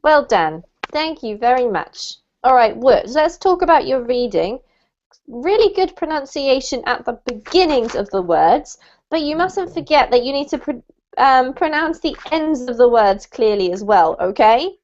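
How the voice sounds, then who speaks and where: A woman teaching an online English class over a video call, encouraging and slowing down to model words. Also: sits high, sing-song, a little mellow. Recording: muffled lo-fi call audio.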